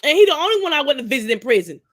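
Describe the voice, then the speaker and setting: A woman's voice: high-pitched, big pitch swings, racing, no echo. A woman in her forties talking on a discussion panel, emphatic, repeating herself and cursing freely. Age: 40s. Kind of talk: casual discussion.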